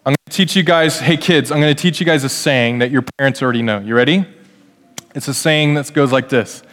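Lively pastor in a reverberant hall. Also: male voice, medium pitch, brisk. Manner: lively, addresses kids directly, acts out family quotes. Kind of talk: family sermon to kids and adults. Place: church hall.

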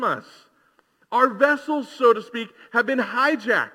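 A man's voice: very high voice, lively intonation, a little slow, pushed and bright. A man preaching a sermon, conversational and full of rhetorical questions. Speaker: pastor. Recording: long hall reverb.

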